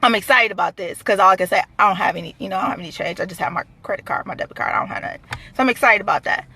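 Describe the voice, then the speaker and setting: A woman telling a true story in a blunt, animated, profane way, full of fillers. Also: mid-range voice, rapid-fire, creaky, a little hiss or hum. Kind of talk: casual storytelling to camera.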